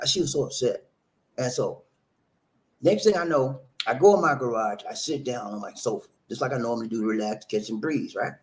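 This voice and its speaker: A man hosts a live stream and tells his viewers a story in a relaxed, chatty way. His pitch swings widely as he gets into it. He stumbles over and repeats words, then acts out what each person said. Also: a little fast. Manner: animated, repeats words, acts out quoted dialogue. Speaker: live-stream host reading viewer comments.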